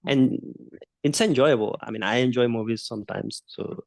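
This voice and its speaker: A man's voice: mid-range voice, normal speed, vocal fry, a little mellow, dry recording, studio quality. A man coach in a casual roundtable discussion, explaining ideas earnestly with hesitant restarts.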